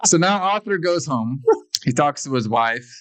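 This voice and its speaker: A man's voice: fairly high pitch, expressive, moderate pace, a bit bright, dry recording. A man co-hosting a podcast, recapping a movie in a rambling, crude casual chat full of swearing. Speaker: podcast co-host.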